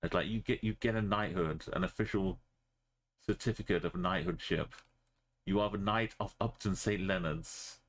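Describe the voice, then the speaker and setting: A man's voice: low voice, moderate pace. A man streaming a map game, talking in a rambling, jokey way. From Britain. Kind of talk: casual gaming commentary.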